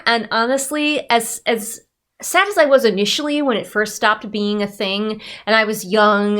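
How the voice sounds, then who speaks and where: A woman's voice: mid-range voice, fairly bright tone. A woman who works as a writer and editor, talking candidly and with self-deprecating humor in a casual vlog.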